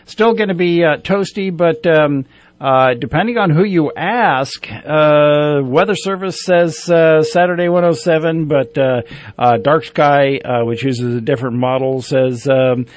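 A man's voice: on the high side, a little slow. A man co-hosting a morning radio show and giving the weather in an easygoing way, with frequent fillers. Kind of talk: casual radio weather chat.

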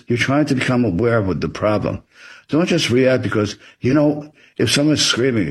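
This man, being interviewed about his writing, gives earnest advice and acts out example conversations. His husky voice is mid-range and moves at a moderate pace.

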